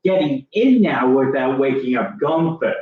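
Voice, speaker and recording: A man playing in a tabletop game, talking slowly and hesitantly as he argues over rules. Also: mid-range voice, lively intonation. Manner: slow, hesitant, arguing rules. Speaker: player. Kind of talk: casual table talk. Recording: distant echoey lo-fi room mic with faint hiss.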